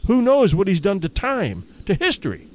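A harsh, commanding safari guide, as a man puts him on in a story reading, shouting in fury. His voice climbs high and swings wildly as he loses his temper. The delivery stays loud and sharp throughout. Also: wildly swooping pitch, moderate pace. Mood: furious. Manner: shouting, rising high in anger.

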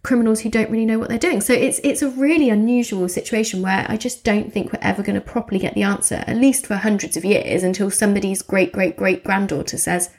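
A woman co-hosting a podcast, telling a case in a lively, chatty way and laughing often. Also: medium pitch, fast, few pauses, husky. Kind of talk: casual chat.

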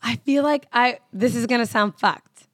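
A woman's voice: fairly high pitch, moderate pace, no room sound, clean studio sound. A woman co-hosting a podcast, chatty and self-deprecating in casual conversation. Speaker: podcast co-host. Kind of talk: casual chat.

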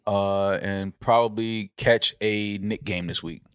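A man's voice: lowish voice, steady tone, takes it slowly, smooth, no room sound, clean studio sound. A man hosting a podcast in casual chat, laid-back, slangy and joking. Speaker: podcast host.

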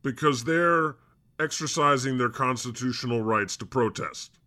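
Man plays grumpy, foul-mouthed God hosting a podcast; bright, sarcastic everyday voice. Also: mid-range voice, a little slow. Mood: irritable, sarcastic. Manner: grumbly and sarcastic, swears often. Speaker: host. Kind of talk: improvised comedy podcast chat.

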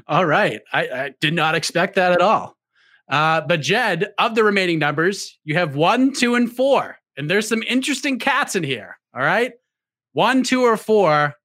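A man hosting a game-show style podcast, energetic and announcer-like. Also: sits high, a little slow. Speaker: host.

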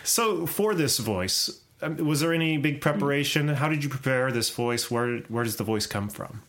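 A man's voice: medium pitch, lively intonation, moderate pace, a bit bright. Enthusiastic male podcast host. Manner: enthusiastic, laughs easily. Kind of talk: casual interview chat.

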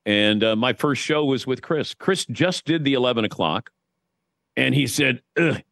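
A man's voice: mid-range voice, animated, normal speed, creaky, fairly bright tone, dry recording, clean studio sound. A man in his sixties, a guest sportscaster, telling wry stories in casual chat with frequent restarts.

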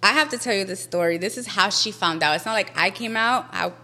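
A woman's voice: mid-range voice, brisk, sharp tone. A woman in her thirties, a podcast guest telling a story in casual chat, who swears freely and slips into Spanish.

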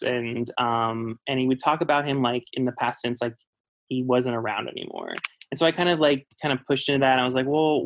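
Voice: medium pitch, no echo. Casual storyteller, lots of likes and restarts, mid-range voice. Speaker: guest telling a personal story. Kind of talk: casual spoken anecdote.

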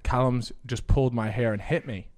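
A man in casual podcast chat, telling animated childhood stories and laughing often. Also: medium pitch, normal speed, a crowd in the background. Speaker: podcast host.

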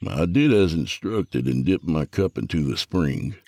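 A man narrating a first-person story with a gravelly, husky voice. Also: a bass voice, animated, a little slow, darkish tone, dry recording.

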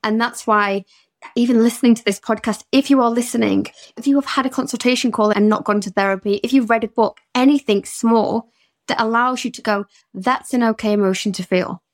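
A woman's voice: on the high side, fairly even intonation, fairly quick. A woman therapist with a British accent, speaking candidly and emotionally in a podcast conversation, telling personal stories.

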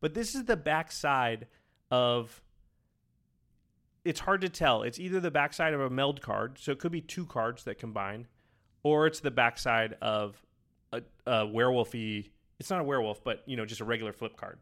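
A man co-hosting a podcast, talking casually, quick and enthusiastic, rambling with restarts. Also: mid-range voice, fairly bright tone. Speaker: podcast co-host. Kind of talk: casual chat.

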